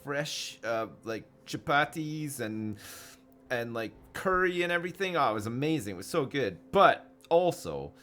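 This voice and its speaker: A man's voice: medium pitch, sing-song, moderate pace, a bit bright, soft background music. A man streaming a video game live, chatting casually with his viewers and swearing freely. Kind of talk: live commentary over gameplay.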